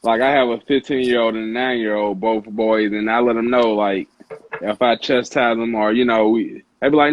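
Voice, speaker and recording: A man's voice: medium pitch, fairly even intonation, normal speed. A man in his thirties, co-hosting a casual chat on a video call, earnest and laid-back. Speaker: podcast co-host. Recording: dry, dull lo-fi audio.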